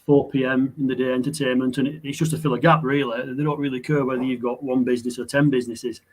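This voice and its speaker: A man's voice: mid-range voice, flat delivery, quick pace. A man with a Wigan accent, a guest on a casual live chat, talking in a laid-back, plain-spoken way with many ums.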